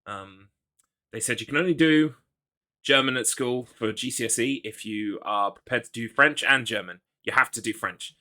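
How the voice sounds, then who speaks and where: A man's voice: medium pitch, normal speed, sharp tone. A man from the UK streaming a game, chatting casually and rambling, poking fun at himself and reading chat aloud. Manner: rambling, self-deprecating, reads chat aloud.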